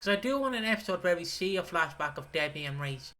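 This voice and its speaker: Bright, rambling male podcast co-host. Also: high-pitched, expressive. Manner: rambling, halting, sweary. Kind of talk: casual chat.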